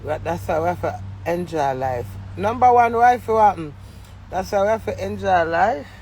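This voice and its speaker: A woman's voice: on the low side, expressive, normal speed, a little mellow, slight background noise. A middle-aged woman with a Jamaican accent, talking to camera in a rambling, emotional monologue full of swearing and defiance. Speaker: vlogger.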